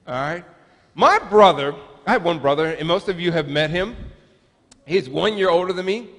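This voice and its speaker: A man's voice: sits high, animated, normal speed, fairly bright tone, long reverb tail. A man in his forties, a pastor giving a sermon in a chatty, humorous storytelling manner, recorded in a church sanctuary.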